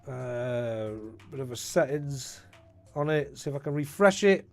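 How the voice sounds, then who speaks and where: A man's voice: sits high, moderate pace, fairly bright tone, soft background music. A man chatting casually on a live stream, greeting viewers and thinking aloud about his team.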